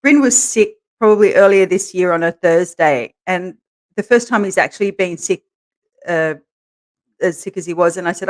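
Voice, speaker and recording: A woman co-hosting a podcast, telling candid stories in a relaxed way and laughing as she goes. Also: mid-range voice, normal speed. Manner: laughs through her stories, animated quoting. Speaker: podcast co-host, interviewed as guest. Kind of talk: candid conversational storytelling.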